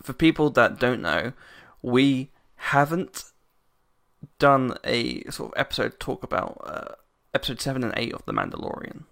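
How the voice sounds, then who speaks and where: Male podcast co-host, bright gravelly voice, rambling casual delivery. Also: medium pitch, huge pitch swings, moderate pace. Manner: rambling, self-interrupting, laughs often.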